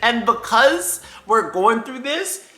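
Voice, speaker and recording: An animated man venting through a travel story in casual vlog chat, exasperated and quick to laugh. His voice sounds bright and sharp-edged. The room gives it a hollow echo. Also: extremely high pitch. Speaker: vlog co-host. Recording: roomy echo.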